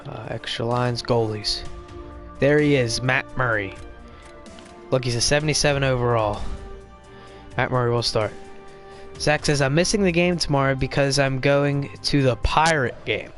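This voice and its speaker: A young man hosting a casual hockey live stream, chatting to viewers in a quick, rambling way while playing a video game. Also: medium pitch, fairly bright tone, faint music behind. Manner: rambling, quick, with fillers and restarts. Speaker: podcast host live streaming.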